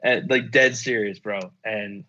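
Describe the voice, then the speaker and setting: A man's voice: fairly low pitch, steady tone, measured pace, sharp tone. A young man telling stories casually on a podcast, laid-back and profane, laughing often. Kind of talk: casual storytelling chat. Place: apartment abroad, call-in. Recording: dull lo-fi audio.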